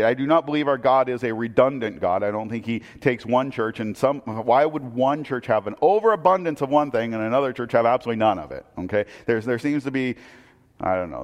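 Man preaching in an echoing hall. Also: medium pitch. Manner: conversational, asks the audience rhetorical questions, frequent restarts. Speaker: pastor. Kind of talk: sermon. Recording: long reverb of a hall.

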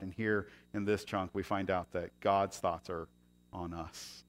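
A man preaching a sermon, moving between loud emphatic passages and quiet confiding asides. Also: lowish voice, steady tone, moderate pace. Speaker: pastor.

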